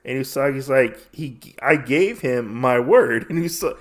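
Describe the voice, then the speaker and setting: A man's voice: medium pitch, lively intonation, measured pace. A podcast host recapping a comic story in a casual, rambling way, full of fillers, loosely voicing the characters as he goes. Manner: rambling, filler-heavy retelling.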